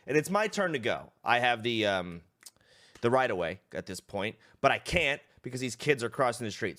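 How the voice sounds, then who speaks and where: A man's voice: fairly low pitch, a bit bright. A young man, a streamer, casually telling a story to his stream, swearing and acting out the people he quotes.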